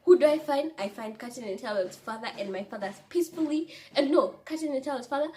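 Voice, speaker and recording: A young woman vlogger telling a story in an animated, breathless way, laughing often and restarting her sentences. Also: high voice, fast, a little hiss or hum. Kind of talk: storytime vlog. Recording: echoey room.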